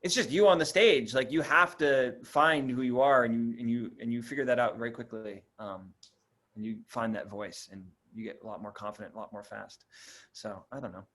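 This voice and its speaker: A man's voice: mid-range voice, a little fast, fairly bright tone. A young man from Boston with a slight Boston accent, a comedian guest chatting casually in a self-deprecating, easygoing way. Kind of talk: casual chat.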